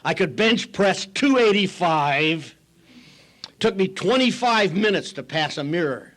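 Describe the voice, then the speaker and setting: Older man, AA speaker, slightly high voice, dry self-mocking storyteller who mimics the people he quotes. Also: lively intonation, unhurried, fairly bright tone, slight background noise. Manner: wry, self-mocking humor. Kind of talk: recovery talk storytelling.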